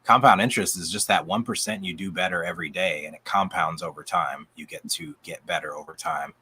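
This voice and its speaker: Man, deep pitch, bright forceful tone, voice going out, enthusiastic, video call chat. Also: brisk, breathy edge. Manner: upbeat, enthusiastic, rambling with restarts. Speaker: coach, channel guest.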